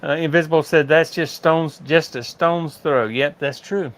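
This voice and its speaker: A man's voice: a little high, moderate pace, a bit bright. An older man from the rural United States, hosting a casual livestream chat and reading viewer comments aloud with easy laughs. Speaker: livestream host.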